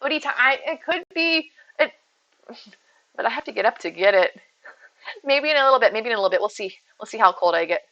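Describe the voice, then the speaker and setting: A woman's voice: a little high, animated, fast talker, long pauses, highs cut off. A woman streaming a game, chatting casually and rambling to her viewers by name. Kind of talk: casual live-stream chat while gaming.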